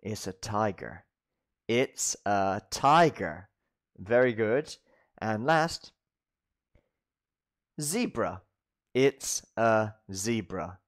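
A man teaching English to children, repeating animal names slowly and playfully mimicking animal sounds. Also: lowish voice, lively intonation. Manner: slow, drawn-out repetition with playful animal noises. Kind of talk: children's ESL vocabulary lesson.

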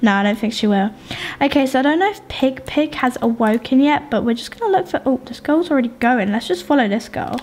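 A woman with a very high voice that leaps all over the place. She narrates her game in an excitable, playful running chatter, close to a desktop mic. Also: quick pace. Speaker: gaming YouTuber. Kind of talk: Roblox gameplay commentary.

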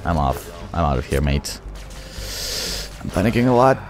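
A young man giving excitable, profane let's play commentary, taunting enemies as he plays. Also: very deep voice, moderate pace. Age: young adult. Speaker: gaming channel host. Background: game music.

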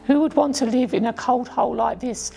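A woman's voice: fairly high pitch, fairly even intonation, a little fast, vocal fry, warm tone, soft background music. A woman voicing a confident twelve-year-old boy in a storybook reading.

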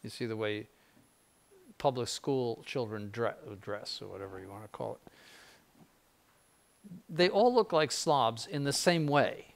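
A man's voice: mid-range voice, expressive, measured pace, gravelly, pauses often. An older man, a bishop, giving an informal spiritual conference in a blunt, conversational way with frequent asides.

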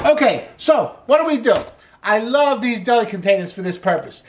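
Upbeat chatty chef, lively pitch. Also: male voice, normal speed, a little hiss or hum. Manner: chatty, upbeat, frequent "hey" and "woo". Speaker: cooking show host, chef. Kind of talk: casual cooking demonstration.

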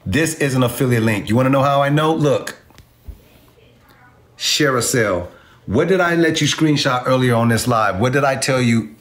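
A man's voice: medium pitch, moderate pace, fairly bright tone. A man teaching online marketing in a casual livestream, brash and profane, talking to his viewers with swagger. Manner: addresses viewers as y'all.

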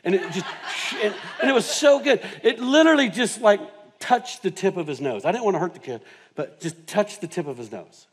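High-voiced preacher man, dynamic delivery. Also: lively intonation, normal speed, breathy edge. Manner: dynamic preaching, swings from hushed to loud and emphatic; humorous, self-mocking asides. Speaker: pastor. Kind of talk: sermon with personal storytelling. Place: church sanctuary.

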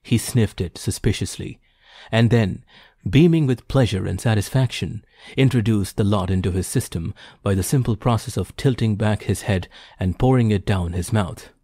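A man narrating an audiobook in a measured, formal storytelling manner. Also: fairly low pitch, dark tone, slightly rough, no echo, clean studio sound. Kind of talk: scripted narration.

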